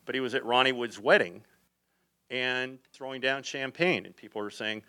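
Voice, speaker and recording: An older photographer tells lively, meandering anecdotes to a live audience, sometimes slipping into acted-out quotes. His voice is medium in pitch, his pace normal, and there's no echo.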